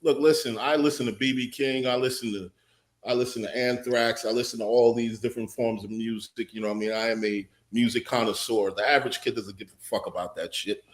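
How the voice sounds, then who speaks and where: Brief: blunt male panelist, mid-pitched, heavy room echo. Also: fairly even intonation, brisk. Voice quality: emphatic, profane, repeats himself. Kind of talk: casual panel chat. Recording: roomy echo.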